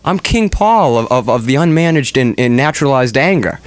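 A man's voice: medium pitch, lively intonation, moderate pace, no room sound. A man hosting a comedic radio show on a studio microphone, ranting in mock-melodramatic exasperation.

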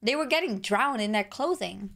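Hoarse, excitable woman reacting. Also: on the high side, moderate pace. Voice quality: excitable and exclamatory, with repeated outbursts. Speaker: gaming reaction vlogger.

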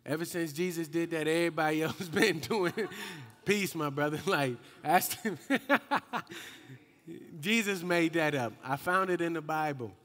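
A young man preaching a slangy, call-and-response youth sermon, rising into shouts. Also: fairly high pitch, a little slow. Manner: lively and slangy, calls out to the crowd and rises to shouts. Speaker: youth minister. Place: hall with a youth group. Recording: echoey hall with long reverb.

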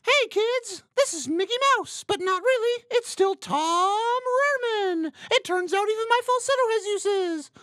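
A man voicing a cheerful male cartoon mouse in a chirpy falsetto. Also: lively intonation, unhurried, few pauses, sharp tone, no room sound, studio quality, exaggerated voice. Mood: cheery.

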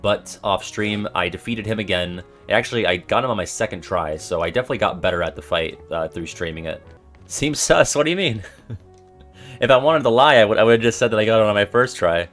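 A young man streaming a video game, joking and swearing, swinging from mumbles to yells, with faint music behind him. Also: fairly low pitch, fast talker. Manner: swears a lot, jokey, swings from mumbling to yelling. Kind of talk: casual game-stream commentary.

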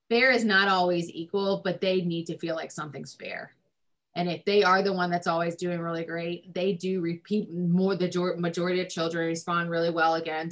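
A woman's voice: on the low side, a bit bright. A woman family therapist giving advice in a recorded discussion, conversational with frequent ums and likes.

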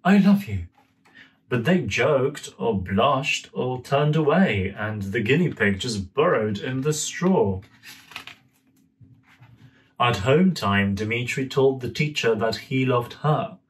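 A young man in a gentle, friendly manner, reading a children's story aloud at home. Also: medium pitch, animated, slow. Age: young adult. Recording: voice a bit far from mic.

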